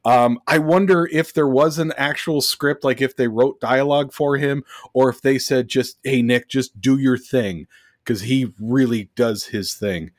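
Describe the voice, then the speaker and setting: A man's voice: medium pitch, normal speed, few pauses, no echo, studio quality. A man co-hosting a movie podcast, reading from his notes in a sarcastic, mocking way. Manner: reads from notes, many fillers. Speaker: podcast co-host. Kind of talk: casual movie review chat.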